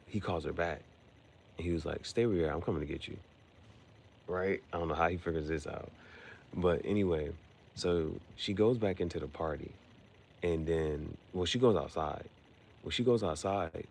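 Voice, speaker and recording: A man recapping a movie in a slangy, rambling, animated way as a podcast host. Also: very deep voice, creaky, slight background noise.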